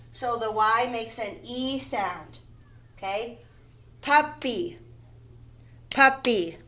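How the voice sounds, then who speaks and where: A woman teaching a phonics lesson to first graders, slowly sounding out and repeating words. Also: a little high, pushed and bright, rough recording. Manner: slow, deliberate, repeats words and sounds them out. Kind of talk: phonics lesson for young children.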